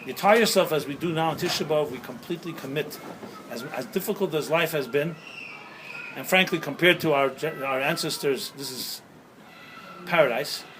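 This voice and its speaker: A man's voice: fairly high pitch, normal speed, background noise. A man speaking as a rabbi, delivering a sermon-style talk outdoors, telling stories and jokes and asking the listeners questions. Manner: storytelling with jokes and rhetorical questions. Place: outdoors at sunset.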